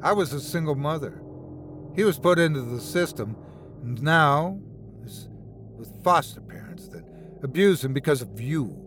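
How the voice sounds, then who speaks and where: Vengeful female ghost, mournful and accusing, low hushed delivery, read by a male narrator. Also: expressive, moderate pace, a little hiss or hum. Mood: cold.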